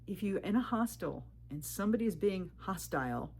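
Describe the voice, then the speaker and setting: A woman telling her hiking stories to the camera in a vlog, animated and firm, jumping up in pitch when she quotes people. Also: fairly quick, breathy edge. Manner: firm and direct. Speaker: thru-hiker vlogger. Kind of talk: storytelling vlog advice.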